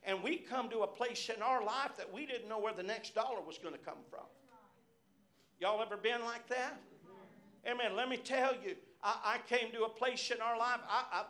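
A man's voice: very high-pitched, pushed and bright. A middle-aged man preaching a sermon as pastor, telling personal stories and punctuating his phrases with repeated amens. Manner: personal storytelling from the pulpit.

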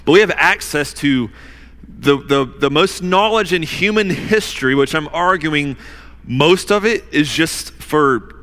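A man preaching a sermon as pastor in a casual, conversational way with fillers, slowing down hard for emphasis. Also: on the high side, lively intonation, a bit bright. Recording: long hall reverb.

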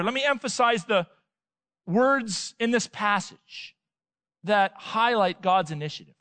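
A man preaching a sermon, emphatic, with rhetorical questions and swings between loud and soft. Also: high voice, unhurried, no echo. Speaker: pastor.

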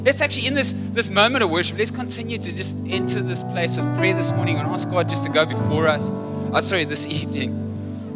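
Pastor guy preaching live, high voice, echo of a big hall with music under. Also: fairly quick. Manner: energetic, animated storytelling with jokes. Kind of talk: sermon. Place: large church hall.

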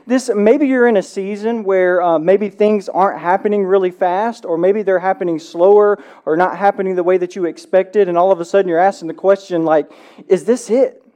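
Pastor, young adult, warm mellow tone, relaxed conversational sermon delivery. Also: medium pitch, fairly quick, few pauses. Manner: conversational preaching with frequent "right?" tags.

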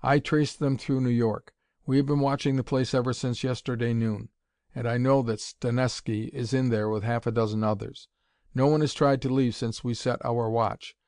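A man voicing a calm Secret Service chief. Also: mid-range voice, normal speed, no room sound, clean studio sound, natural voice. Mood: reporting.

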